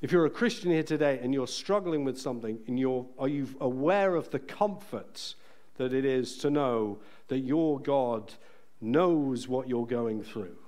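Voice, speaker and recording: A man preaching a sermon in a church, earnest and emphatic, slowing down to stress key phrases. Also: medium pitch, expressive, darkish tone.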